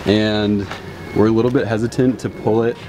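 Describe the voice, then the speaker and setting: A man's voice: lowish voice, steady tone, normal speed. A young man casually vlogging about his car, upbeat and chatty, laughing often. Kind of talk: casual vlog talk. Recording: outdoor noise with crickets.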